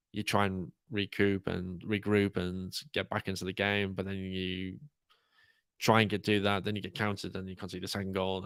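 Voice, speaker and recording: Relaxed man, lowish voice. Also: clear, resonant tone, dry recording. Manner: relaxed, rambling, many ums. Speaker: podcast host. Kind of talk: casual podcast chat.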